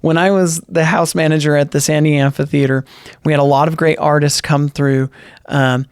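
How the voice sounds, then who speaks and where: A man's voice: on the high side, level tone, moderate pace, clear, resonant tone, no echo, clean studio sound. A man hosting a local podcast, chatting casually, telling stories and often affirming his guest. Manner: chatty, frequent affirmations, storytelling. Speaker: podcast host.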